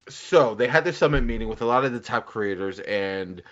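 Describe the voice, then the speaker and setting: A man co-hosting a casual gaming podcast, rambling and animated, acting out quotes as he talks. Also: medium pitch. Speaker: podcast co-host. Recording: dull lo-fi audio.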